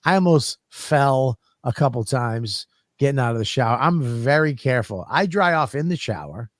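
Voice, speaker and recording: A man co-hosting a podcast, telling profane, animated stories in casual comedic chat. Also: medium pitch, moderate pace, no echo, studio quality. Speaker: podcast co-host.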